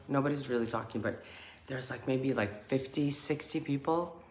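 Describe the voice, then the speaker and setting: A woman recounts her own experience in relaxed, chatty storytelling, full of "like" and "you know", and acts out the sounds she heard. Her voice carries a noticeable echo from a roomy space. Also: very deep voice, normal speed, slight background noise. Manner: animated, acts out screams and chants, many fillers. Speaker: spiritual healer sharing her story. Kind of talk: casual personal storytelling.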